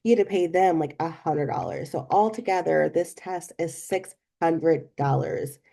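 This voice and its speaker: A young woman hosting a podcast, telling an animated story and giving casual advice straight to her listeners. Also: sits low, measured pace, gravelly. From not from Florida. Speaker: podcast host.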